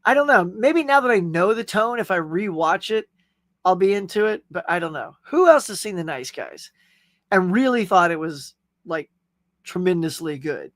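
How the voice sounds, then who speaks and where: A man's voice: high-pitched, expressive, normal speed, a bit bright, no room sound, studio quality. A man hosting a casual live chat show, rambling in a friendly, talkative way as he answers viewer comments. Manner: rambling, chatty, friendly, with frequent fillers and laughs. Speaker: host.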